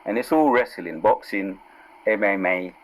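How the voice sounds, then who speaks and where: A man teaching from scripture in a casual sermon, reading verses out slowly and with force, then dropping into low asides and asking "yeah?" and "right?". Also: poor audio. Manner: calls out "yeah?" and "right?" to listeners. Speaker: preacher.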